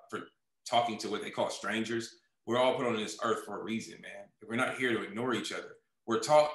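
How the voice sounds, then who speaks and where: A man's voice: medium pitch, bright, forceful tone, echoey room, low-quality recording. A man in an interview, telling his story casually and animatedly, acting out quoted dialogue and often saying "man.". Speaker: music video director, guest.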